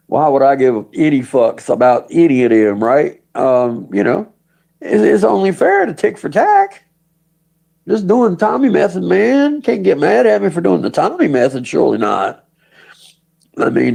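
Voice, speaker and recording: Gravelly man ranting on a stream. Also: medium pitch, darkish tone, rough recording. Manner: mocking, cursing, laughs often between lines; taunts absent people by name with questions. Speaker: livestream host. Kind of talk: profane livestream rant.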